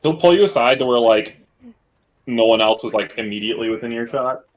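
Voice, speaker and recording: A man playing a tabletop role-playing game, talking in a halting, stop-start way. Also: mid-range voice, poor audio. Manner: halting, stop-start delivery, laughs between lines. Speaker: player.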